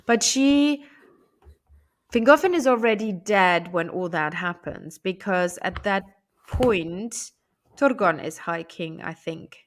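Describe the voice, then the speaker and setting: A woman co-hosting a casual chat, talking with many fillers and quick affirmations. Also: mid-range voice, expressive. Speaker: co-host discussing Tolkien lore.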